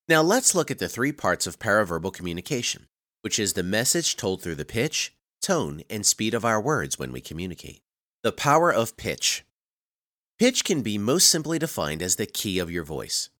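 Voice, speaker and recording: Low-voiced man reading a training course. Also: fairly bright tone, no room sound, clean studio sound. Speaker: course narrator. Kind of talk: scripted narration.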